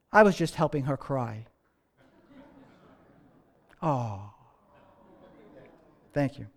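A man preaching a sermon as pastor, in a conversational way, asking the congregation rhetorical questions and repeating his key phrases. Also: high voice.

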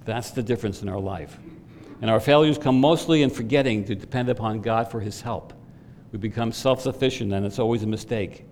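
A man's voice: lowish voice, fairly quick, a little mellow, slight background noise. A middle-aged man preaching a sermon as pastor, earnest, rising in emphasis when he puts questions to the congregation. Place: church sanctuary. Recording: long reverb from a church hall.

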